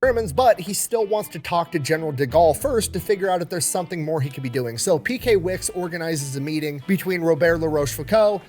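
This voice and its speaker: A man's voice: on the high side, expressive, quick pace, few pauses, a little mellow, faint music behind. A man retelling a wartime story in a casual, blunt, slangy way, dropping wry jokes as he goes. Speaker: history storyteller in a played video.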